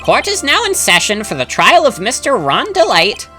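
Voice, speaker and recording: A man's voice: extremely high pitch, wildly swooping pitch, moderate pace, over music, pitched above the performer's own voice, exaggerated voice. A man voicing a fussy old male judge in a video game, speaking formally with a quavering tone.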